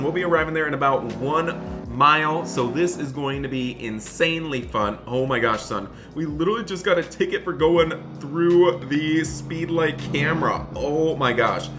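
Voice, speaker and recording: A man playing a dad in an animated game roleplay, excitable and often scolding his son. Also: a little high, moderate pace, music in the background.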